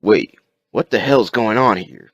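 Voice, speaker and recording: A man voicing a panicked, injured man in a zombie outbreak, yelling frantically. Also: fairly low pitch, animated, unhurried, husky, no room sound, muffled recording, pitched above the performer's own voice, heavily acted. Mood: confused.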